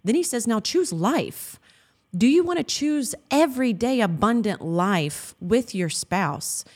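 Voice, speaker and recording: A woman's voice: a little high, lively intonation, measured pace, a little mellow. A woman in her thirties co-hosting a Christian marriage talk, speaking earnestly and affectionately and quoting scripture. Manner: earnest and affectionate, laughs often, quotes scripture. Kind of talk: heartfelt faith-based chat.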